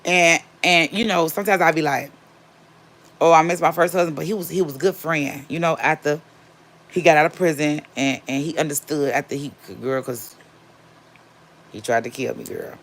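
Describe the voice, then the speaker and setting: A woman casually telling a personal story, animated and repeating herself for emphasis. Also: low-pitched. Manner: acts out quotes of others.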